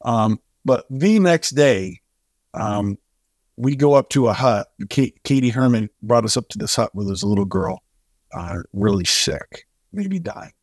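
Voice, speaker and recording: Animated man telling a mission story. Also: a little slow, dry recording, studio quality. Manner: animated, acts out quoted voices with big pitch jumps. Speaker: charity co-founder, guest. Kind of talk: storytelling in an interview.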